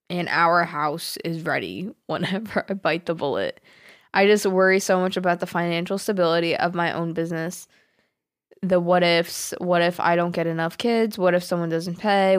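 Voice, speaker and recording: A woman with a somewhat low voice reads a listener's letter on a podcast. Her delivery is plain and steady, with small chuckles at the jokes. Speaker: podcast co-host. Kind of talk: reading a listener letter aloud.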